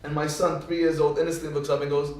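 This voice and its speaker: A man with a high voice teaching a Torah lesson, heard from a distance in a very echoey room. He tells stories with energy and briefly acts out the people in them. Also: fast. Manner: animated storyteller who acts out quoted speech. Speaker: rabbi. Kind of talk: Torah lecture. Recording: echoey hall, speaker far from mic.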